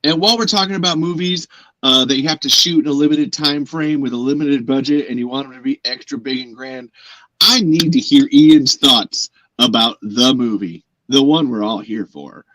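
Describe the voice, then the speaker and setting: A man's voice: mid-range voice, moderate pace, noisy background. A man hosting a casual chat show, joking and swearing, who now and then slips into silly put-on voices. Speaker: podcast host.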